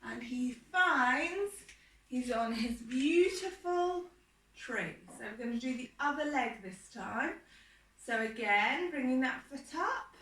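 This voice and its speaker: A woman teaching a children's yoga class, giving soft, encouraging step-by-step instructions. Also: a little high, far from the mic, slight background noise. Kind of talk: guided kids' yoga class. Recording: echoey room, voice from off-mic.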